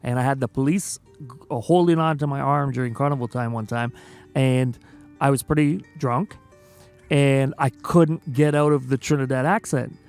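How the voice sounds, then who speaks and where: Male host for a casual stream chat. Gravelly mid-pitched voice, animated and quick to laugh, with faint music in the background. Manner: animated storyteller, laughs often. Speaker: interview host.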